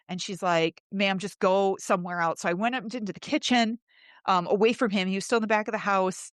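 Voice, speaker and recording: A woman hosts a podcast, telling her own story candidly and with emotion, swearing along the way and raising her voice when she acts out the pleas she once made. Her voice sits at a medium pitch with fairly even intonation and a slightly quick pace. The recording is clean studio sound with no room echo.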